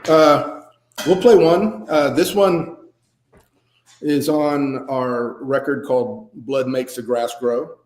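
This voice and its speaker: Slow, laid-back man in a roomy space. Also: medium pitch, fairly even intonation, a little hiss or hum. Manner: laid-back, rambling, self-deprecating, many fillers. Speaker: guest musician and military veteran. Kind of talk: casual storytelling interview. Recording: roomy echo.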